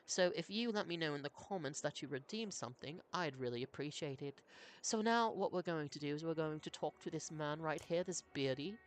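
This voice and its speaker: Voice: mid-range voice, animated, fairly quick, a little hiss or hum. A streamer reads a story game aloud on a live stream, breaking off to chat with viewers. The talk is casual and chatty, with frequent asides. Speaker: streamer and voice reader.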